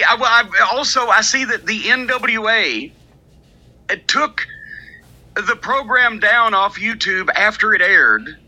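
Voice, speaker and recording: Profane, bright-voiced older man telling a story. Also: high voice, rough recording. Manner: profane, animated storytelling with mocking quoted voices. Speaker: podcast host. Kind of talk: casual storytelling chat.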